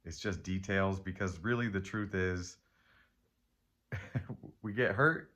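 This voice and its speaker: A man hosting a casual tarot reading, rambling and reflective, often trailing off, questioning himself and laughing softly at himself. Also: sits low, slow pace. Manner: candid and self-deprecating, with soft laughs. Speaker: tarot reader and channel host. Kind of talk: casual spiritual chat while reading tarot.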